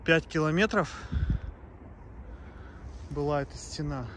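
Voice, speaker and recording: A man's voice: a little high, a little slow, noisy background. A man narrating a travel vlog in a loose, casual way, with filler sounds. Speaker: travel vlogger.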